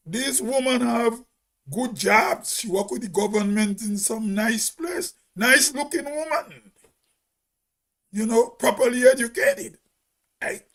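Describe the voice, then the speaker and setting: High, slow-talking Grenadian man. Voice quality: big loud voice. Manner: emphatic, argumentative, asks rhetorical questions. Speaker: host. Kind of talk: opinion monologue.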